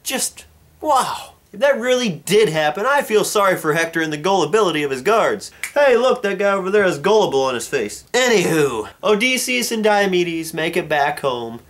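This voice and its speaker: A man's voice: sits high, very animated, brisk, few pauses, fairly bright tone. A man giving a casual book review on his own channel, with playful jokes and asides. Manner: jokey, playful asides and mock dialogue.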